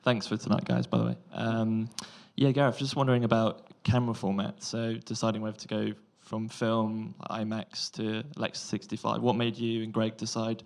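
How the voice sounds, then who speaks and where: Male audience member, gravelly and low, with a polite, halting technical question. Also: darkish tone.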